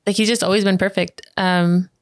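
A woman's voice: medium pitch, steady tone, brisk, no room sound, studio quality. A woman casually telling a family story in an easygoing way, adding details. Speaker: guest, adoptive parent.

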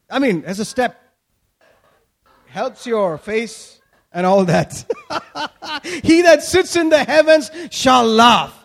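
A man from Kerala with an Indian accent, preaching an energetic sermon, shouting and laughing with playful asides. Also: sits high.

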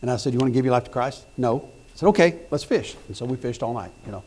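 A middle-aged pastor preaching a sermon, telling folksy stories with repeated words and restarts, then rising to loud emphatic points. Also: male voice, mid-range voice, expressive, very fast, breathy edge.

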